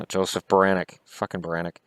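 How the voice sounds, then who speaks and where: Canadian guy in his 30s, low smooth voice, reading old hockey yearbook stuff with snarky asides. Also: flat delivery, brisk, a bit bright, no room sound. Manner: sarcastic, adds snide asides to what he reads. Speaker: hockey vlog host.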